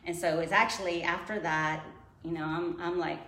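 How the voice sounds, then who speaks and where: A woman's voice: lowish voice, fairly even intonation, moderate pace, pushed and bright. A woman telling a personal faith story in casual conversation, laughing often and acting out her own past thoughts. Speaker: guest. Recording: echoey room, faint noise.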